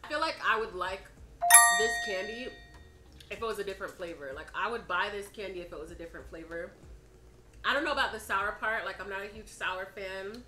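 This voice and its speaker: A young American woman chatting casually while taste-testing snacks, asking quick questions. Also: mid-range voice, echoey room, low-quality recording. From United States. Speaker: co-host.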